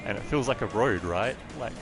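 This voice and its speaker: A man's voice: fairly low pitch, brisk, over music. A man with an Australian accent, chatting casually and rambling into rants while livestreaming a game. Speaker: gaming livestreamer. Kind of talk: casual gameplay commentary.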